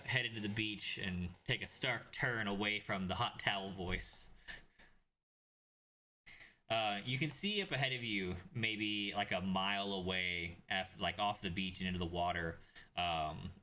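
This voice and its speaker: Young male game master, low but bright voice, loose rambling narration full of fillers. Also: a little hiss or hum.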